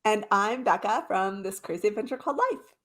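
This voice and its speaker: A woman's voice: mid-range voice, a little fast, a bit bright. A woman co-hosts a casual podcast chat. She sounds eager and explains things in an easygoing, detailed way. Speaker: podcast co-host.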